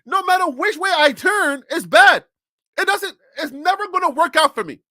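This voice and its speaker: A man hosting a sports talk show, ranting in an exasperated, rapid-fire way and repeating himself as he argues. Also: extremely high pitch, lively intonation, sharp tone, no room sound.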